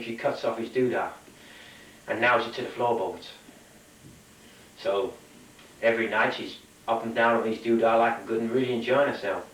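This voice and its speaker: A man telling jokes one after another, in a plain, matter-of-fact manner. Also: mid-range voice. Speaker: stand-up comedian. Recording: echoey room, from far off.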